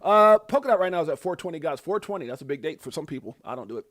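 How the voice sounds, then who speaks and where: A middle-aged man from Brooklyn hosting a live crypto market show, talking in excitable bursts with slang and lots of repeats. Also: fairly high pitch, very fast. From Brooklyn, USA. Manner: excitable, loud bursts of hype, slang, frequent repeats and laughs. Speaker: host.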